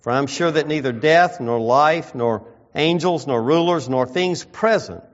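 A man preaching a sermon, reading scripture and slowing down to stress key phrases. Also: fairly high pitch. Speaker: pastor. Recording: dull lo-fi sound.

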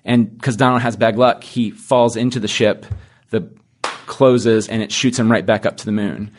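A man hosting a casual podcast interview, retelling cartoon episodes and acting out the quoted lines with lively energy. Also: lowish voice, normal speed, slight background noise. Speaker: podcast host.

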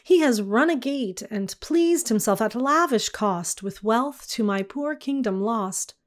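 A wrathful king speaks in stately archaic verse, voiced by a woman reading the poem aloud. The delivery is slow and unhurried, pitched somewhat high. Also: animated. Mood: stern. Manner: commanding, archaic speech. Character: stern angry old-world king, man.

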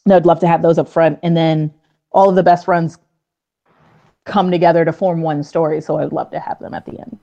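A woman guest on a podcast, talking in a bubbly, gushing way that is full of fillers. Her voice sits lowish and sounds mellow and soft-edged, and the audio is dull and lo-fi. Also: flat delivery, fairly quick, gravelly. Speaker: comic book writer, guest. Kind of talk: casual podcast interview.

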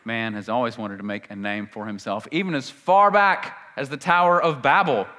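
A man preaching a sermon, emphatic, swinging between loud declarations and hushed asides, reading scripture with dramatic weight. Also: medium pitch, steady tone, normal speed.

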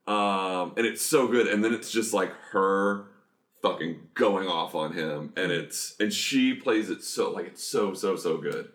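A man's voice: low voice, fairly bright tone, echoey room. A man co-hosting a podcast, chatting eagerly and rambling about a musical he loves. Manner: enthusiastic, rambling, quick asides. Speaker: podcast co-host. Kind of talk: casual chat about a musical.

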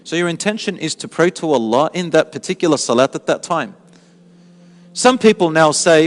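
A man's voice: fairly high pitch, animated, normal speed. Man preaching in a reverberant hall. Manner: explains with rhetorical questions and answers. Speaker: Islamic preacher. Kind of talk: sermon.

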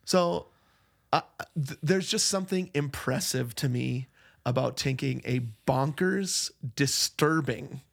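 A man's voice: medium pitch, slow pace, gravelly. A man co-hosting a podcast, chatting casually about a movie and laughing often. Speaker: podcast co-host. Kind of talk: casual movie-review chat.

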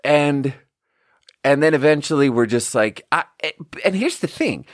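A man's voice: fairly high pitch, animated, measured pace, dry recording, clean studio sound. A man hosting a podcast, telling a rambling, profane, self-amused story in a casual way. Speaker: podcast host.

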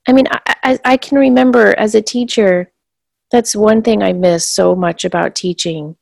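A woman's voice: medium pitch, moderate pace, gravelly, a little mellow, no room sound, studio quality. A woman who used to teach, co-hosting a casual chat and telling stories with emphatic energy. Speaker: podcast co-host, former teacher.

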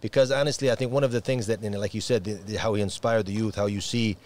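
A man from America, an imam, chatting quickly and animatedly, full of restarts and Arabic phrases. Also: lowish voice, fairly even intonation, a little mellow, a little hiss or hum. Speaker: imam and preacher. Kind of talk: casual podcast conversation.

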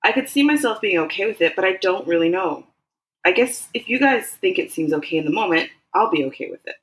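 A woman voicing a candid young man who speaks haltingly and hesitantly. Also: lowish voice, animated, echoey room, close to an everyday voice.

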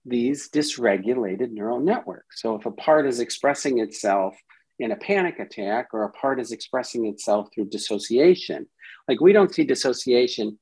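A man's voice: medium pitch, animated, moderate pace, a little mellow, slightly rough, low-quality recording. A man, a psychiatrist guest on a podcast, explaining with animation and acting out inner voices as quotes.

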